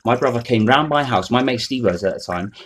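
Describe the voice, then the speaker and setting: Speaking fairly quickly in a medium-pitched, slightly bright voice, a male vlogger delivers an unscripted rant to camera. He rambles, swears, and mocks as he goes.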